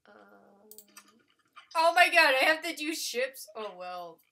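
A woman giving live gameplay commentary, excitable and gushing, with frequent exclamations and casual swearing. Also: high voice, takes it slowly. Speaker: let's player.

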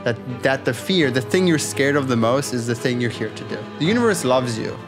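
A man from South Africa speaks as a podcast guest, calm and reflective, working through his thoughts with plenty of "like" and the odd restart. Faint music plays softly beneath his voice. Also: medium pitch, brisk. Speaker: podcast guest, flow coach and yoga instructor. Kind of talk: casual podcast interview.

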